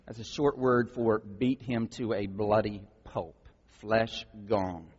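A man preaching a sermon, reading scripture with acted voices and blunt asides, with a raspy voice. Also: on the low side, slow, a little mellow. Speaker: pastor. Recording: dull recording in large echoing hall.

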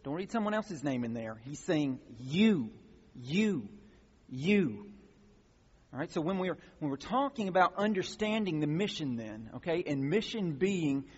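A man preaching a sermon, his voice slightly high and husky, earnest, with fillers and restarts, building into emphatic stretches. The sound is dull and lo-fi. A long reverb hangs after his words in a large sanctuary. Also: very animated, normal speed, few pauses. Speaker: pastor.

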